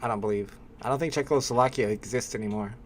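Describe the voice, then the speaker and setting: A man hosting a livestream in a relaxed, chatty tone, thinking aloud to his viewers. Faint background noise sits under his voice. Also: medium pitch, quick pace. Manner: relaxed, chatty, talking to chat. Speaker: livestream host. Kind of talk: casual chat.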